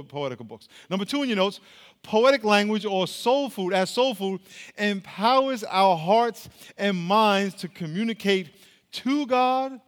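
A man's voice: high voice, in a large hall. A man preaching a sermon as pastor, speaking emphatically and quizzing the congregation with questions.

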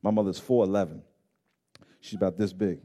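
Mellow-voiced pastor preaching with passion. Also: male voice, deep voice, fairly even intonation, brisk. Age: adult parent of grown children. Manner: swings from hushed and intimate to loud, pleading emphasis; repeats phrases for emphasis. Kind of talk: sermon.

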